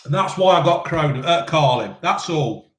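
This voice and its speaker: A man's voice: fairly high pitch, expressive, moderate pace, echoey room. A man in his fifties hosting a casual live chat. He reads out viewers' questions and answers them with blunt, sweary, cheeky banter. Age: 50s. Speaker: live-stream host reading chat questions.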